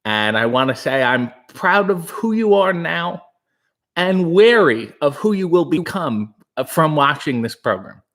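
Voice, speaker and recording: Casting note: Canadian male livestream host, breathy, quiet delivery, rambling jokes, close-miked. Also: fairly high pitch, very animated, measured pace. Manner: breathy, hushed, rambling and joking. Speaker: livestream host reading chat. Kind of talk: casual live chat. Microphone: new studio microphone.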